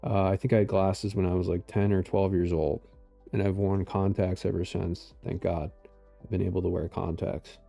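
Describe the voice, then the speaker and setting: A man's voice: deep voice, level tone, moderate pace, gravelly, warm tone, soft background music. A man in his forties reading posts and riffing on them in rambling, sarcastic casual commentary, full of fillers. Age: 40s. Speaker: political commentary streamer.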